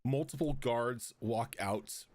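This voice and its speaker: A man's voice: medium pitch, takes it slowly, a little mellow, dry recording. A man narrating as game master of a tabletop role-playing game, talking in loose, rambling sentences full of fillers. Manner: rambling, many fillers and restarts.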